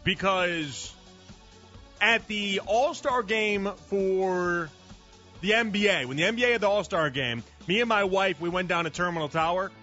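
A sports radio host talks in an easy, conversational way, restarting his sentences as he goes. His voice sits high and sounds bright. The audio is a little muffled, with faint music running underneath. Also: measured pace. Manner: conversational, repeats words when starting thoughts.

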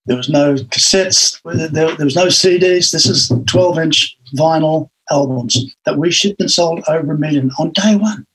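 Older Aussie male interview guest, husky and slightly high, an animated storyteller. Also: poor audio. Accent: Australian. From Australia. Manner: animated anecdotal storytelling with acted-out quotes.

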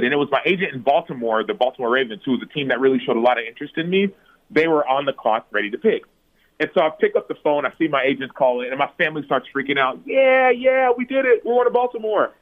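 Man in his thirties, podcast guest, animated storyteller, mid-pitched voice, tinny narrow sound. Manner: animated, acts out his own past words with big pitch jumps. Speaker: podcast guest, former pro football player. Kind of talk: personal storytelling in an interview. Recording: phone-like narrow audio.

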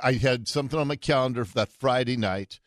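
A man in his fifties hosting a radio talk show, excitable and joking. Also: mid-range voice, fast, no echo, clean studio sound. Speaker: radio host.

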